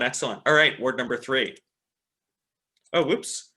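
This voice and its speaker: An upbeat man presenting a teacher webinar on a video call, with a bright, forceful voice. He keeps checking in with his listeners and praising their answers as he talks through a computer mic. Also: mid-range voice, a little slow, pauses often. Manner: upbeat, repeats "excellent" and "right?" often. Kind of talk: online teacher training webinar.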